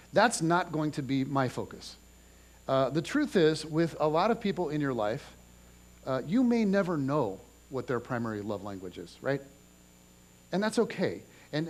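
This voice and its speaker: A man in his forties preaching a sermon in a church, talking in a loose, conversational way and telling family stories with lots of restarts. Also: fairly high pitch. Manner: conversational, animated storytelling with restarts. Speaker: pastor. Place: church auditorium.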